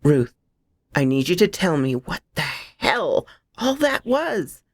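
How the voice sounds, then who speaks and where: A woman's voice: low-pitched, sing-song, slow, no echo, studio quality, full character voice. Woman doing a panicked, insistent young woman. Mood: urgent, scared. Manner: urgent and insistent. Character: terrified young woman demanding answers.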